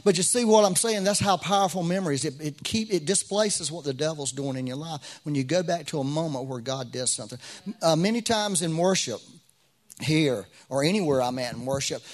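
A man's voice: a little high, moderate pace. Conversational middle-aged male pastor. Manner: conversational, with frequent restarts and rising bursts of emphasis. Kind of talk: sermon.

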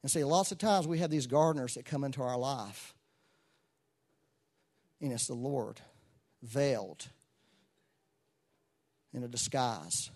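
A man preaching a sermon to a church congregation, moving between soft asides and loud exclamations. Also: medium pitch, a little slow, pauses often. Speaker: pastor.

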